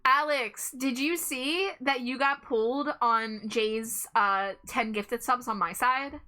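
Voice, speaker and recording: A woman's voice: fairly high pitch, slow, pushed and bright, smooth. A young adult woman streaming live, chatting casually and playfully, laughing often. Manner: giggly, playful, breaks into frequent laughter.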